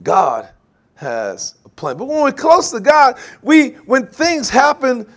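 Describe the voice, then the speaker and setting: A man preaching a sermon, animated, laughing often and acting out quoted voices. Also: extremely high pitch, slow. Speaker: pastor.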